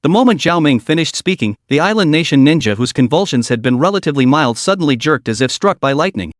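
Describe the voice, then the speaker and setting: Dry, slightly high male narrator. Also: lively intonation, quick pace, no echo. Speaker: recap narrator. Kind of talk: scripted comic recap narration.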